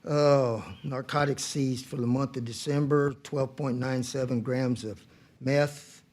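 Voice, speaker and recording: Brief: male sheriff, mellow timbre, reads stats in lists at a county meeting. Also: medium pitch, fairly even intonation, unhurried. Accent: Texan. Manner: reads figures in a list with brief fillers. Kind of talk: reading monthly statistics at a public meeting.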